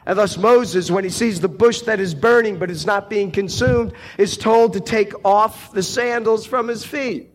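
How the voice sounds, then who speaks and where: A man preaching a sermon, slow and deliberate, lifting his voice on quoted cries. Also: high-pitched.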